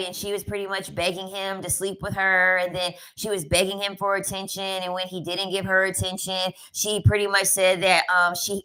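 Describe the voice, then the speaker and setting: A woman's voice: medium pitch, bright, forceful tone, clean tone, poor audio. A woman giving a casual commentary rant, sassy and emphatic, often repeating her lines for effect. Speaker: commentary vlogger.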